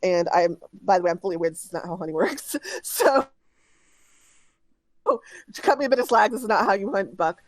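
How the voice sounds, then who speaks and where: A woman's voice: medium pitch, fairly quick, long pauses, rough recording. A woman game master narrating a tabletop game, rambling through her scenes with frequent ums and restarts.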